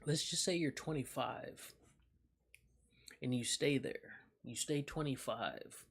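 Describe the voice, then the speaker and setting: A man's voice: mid-range voice, slow pace, gravelly, a bit bright, slight background noise. A young man streaming live, chatting loosely with his viewers, swearing and laughing as he reacts. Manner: loose, profane, reacting aloud with frequent laughs. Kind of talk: casual live-stream chat.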